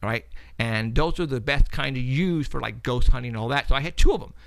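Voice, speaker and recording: A man's voice: medium pitch, fairly quick, creaky, a bit bright, clean tone, no echo. A man hosting a paranormal talk show, telling a long story in a rambling way, repeating words and laughing often.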